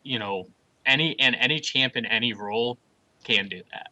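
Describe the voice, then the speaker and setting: A man co-hosting a gaming podcast, blunt and animated in casual chat. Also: mid-range voice, normal speed, poor audio. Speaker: podcast co-host.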